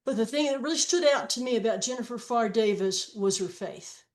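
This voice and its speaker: A woman in her seventies, a guest author telling stories slowly and reflectively in a podcast interview. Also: fairly high pitch. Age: 70s. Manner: slow, reflective storytelling with long read-aloud quotes. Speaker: guest, author and trail hiker.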